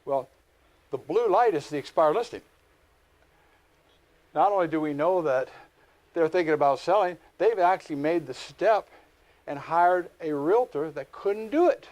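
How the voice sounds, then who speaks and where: A middle-aged man teaching a live real estate class, lecturing with folksy stories and animated asides. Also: fairly high pitch, measured pace, long pauses.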